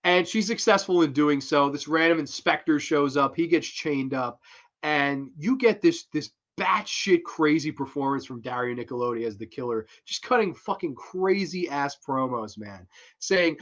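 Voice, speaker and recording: Hyped guy ranting about horror movies, swears a lot, slightly high voice. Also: normal speed. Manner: excitable and profane, full of acted-out quotes. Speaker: host of a horror film review show. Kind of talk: casual film review monologue.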